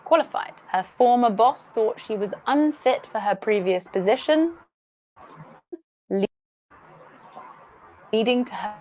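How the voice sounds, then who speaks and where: A woman's text-to-speech voice reading an example sentence in an even, clipped delivery. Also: a little high, unhurried, long pauses, a little hiss or hum, poor audio.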